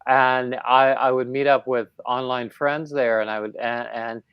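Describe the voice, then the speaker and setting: A man chats slowly and at an easy, unhurried pace as he hosts a livestream. He rambles, with plenty of fillers and restarts, at a middling pitch. His voice is close and dry, with no room sound. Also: little pitch movement, clear, resonant tone, no echo, lo-fi sound. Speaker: livestream host. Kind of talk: casual chat on a livestream.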